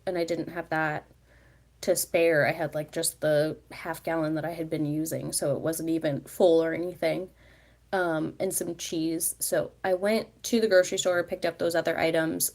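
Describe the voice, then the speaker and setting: A woman's voice: on the low side, a little mellow. A woman vlogger chatting casually on a livestream, rambling with many fillers and restarts. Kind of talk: casual live chat.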